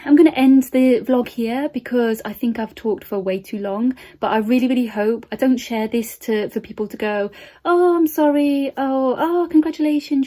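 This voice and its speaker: A young woman vlogging as a nursing student, emotional and earnest, rambling and dropping into soft near-whispers. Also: on the high side. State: emotional, close to tears. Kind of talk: emotional motivational vlog.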